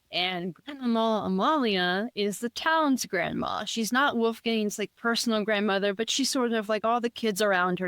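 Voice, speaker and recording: A woman's voice: medium pitch, clean tone, dry recording. A woman author, a guest on an interview show, talking eagerly in casual chat and rambling with frequent restarts.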